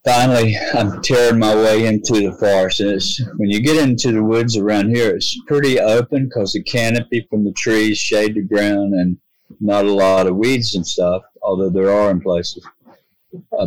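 A man's voice: fairly low pitch, no room sound, poor audio. A man, earnestly telling a long personal story in a rambling way, often restarting his sentences. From North Carolina, US. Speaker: guest telling his own experience. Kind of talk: casual storytelling.

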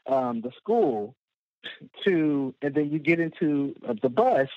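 A man's voice: fairly high pitch, lively intonation, slow, no room sound. A man telling a long, rambling personal story as a guest, full of fillers and laughing at himself. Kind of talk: casual storytelling. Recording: dull lo-fi dry sound.

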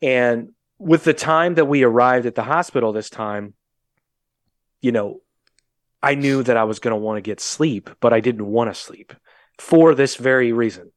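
A young man with a Midwestern American accent tells a story on a podcast, blunt and sardonic and quick to swear. His voice sits mid-range. The remote call sound is dry, with no room echo. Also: mid-range voice. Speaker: podcast co-host. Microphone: remote call mic.

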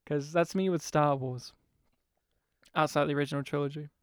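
A man co-hosting a casual movie podcast, laughing often, swearing now and then, and breaking into quick impressions. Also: on the high side, steady tone, clear, resonant tone, no echo, clean studio sound. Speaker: podcast co-host.

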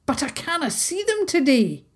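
A woman's voice: high voice, sing-song, moderate pace, a little hiss or hum, voice pushed up. A woman voicing a scruffy, dramatic male haggis creature with a thick Scottish accent, in a children's storybook podcast. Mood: explaining. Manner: theatrical, sighing.

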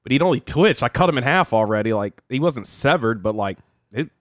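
A man hosts a casual podcast chat, rattling through stories at a quick clip. He swears easily and slips into other people's voices as he goes. The sound is dry and close, with no room echo. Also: mid-range voice. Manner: animated, swearing, acts out quotes. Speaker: podcast host.

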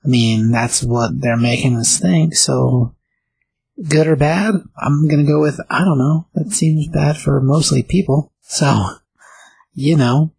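A man's voice: a little high, unhurried, creaky, darkish tone, husky, no echo, low-quality recording. A man casually discussing a comic, thinking aloud and unsure of his answers. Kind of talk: casual chat about a comic.

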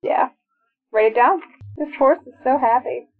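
A woman with a high-pitched voice and measured pace co-hosts a podcast, chatty and excited to share trivia as she watches a movie. The audio sounds narrow, like a phone.

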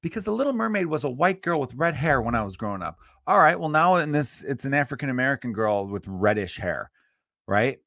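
A man from Chicago in his thirties rants alone on his podcast, swearing freely and turning preachy. His voice sits at an ordinary middle pitch. The sound is close and dry, with no room echo. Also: quick pace, gravelly. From Chicago area. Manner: profane, preachy and animated. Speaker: podcast host. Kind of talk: solo podcast rant.

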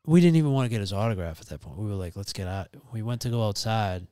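A man, telling a wild anecdote in an animated, profane, casual chat. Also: on the low side, fast, clean tone, no room sound, studio quality.

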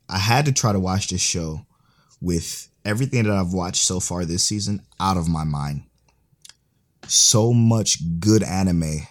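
A man with a very deep voice vents bluntly about an anime series. He swears freely in relaxed podcast chat. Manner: blunt, profane, exasperated venting. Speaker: co-host reviewing an anime series.

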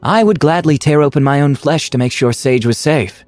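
A man's voice: a little high, normal speed, a little mellow, no room sound, soft background music, pitched above the performer's own voice, close to an everyday voice. Grim intense loyal companion guy, a man voicing him.

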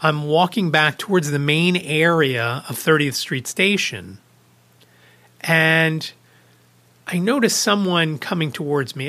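A man's voice: a little high, pushed and bright. A man hosting a podcast, casually retelling a personal anecdote with small restarts. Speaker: podcast host. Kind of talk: casual storytelling vlog.

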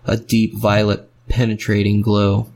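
Male storyteller: rhythmic, fragmentary narration, low pitch, little melody. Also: completely flat delivery, measured pace, vocal fry, a little mellow.

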